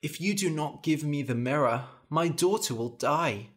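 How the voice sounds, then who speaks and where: A man voicing a soft-hearted king who gently pleads with his daughter. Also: fairly high pitch, expressive, moderate pace, natural voice. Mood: pleading.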